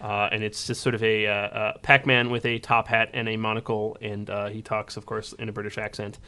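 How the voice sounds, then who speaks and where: A man's voice: fairly low pitch, level tone, a little fast, bright, forceful tone, clear, resonant tone. A man hosting a casual podcast chat and reading out listener emails, rambling with many fillers and restarts. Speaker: podcast host.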